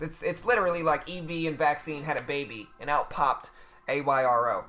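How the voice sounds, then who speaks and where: A man's voice: on the high side, moderate pace, pushed and bright, soft background music. A man hosting a live trading stream, chatting casually with viewers in a loose, slangy way. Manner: chatty and loose, talks to chat with slang like bro and dude. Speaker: livestream trading host.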